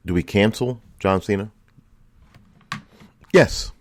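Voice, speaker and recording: Male show host, extremely low voice, dry close sound, fervent repetitive rhetoric. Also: normal speed, dry recording. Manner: impassioned, repetitive rhetorical questions. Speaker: political commentary host. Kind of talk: opinion monologue.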